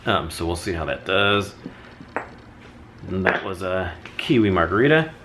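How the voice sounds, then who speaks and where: A man with a notably deep, low-pitched voice talks through a casual product review. He rambles in a friendly way, circles back and corrects himself as he goes, with a faint hiss of noise in the background. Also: expressive, unhurried. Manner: chatty, rambling, with self-corrections. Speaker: candle haul vlogger.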